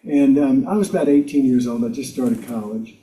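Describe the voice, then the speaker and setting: An older South Carolina man, a guest speaker, tells personal stories to a congregation in a community meeting hall, wry and self-mocking, with chuckles and filler words. His mid-range voice is warm and fairly quick. The roomy hall makes him sound far off.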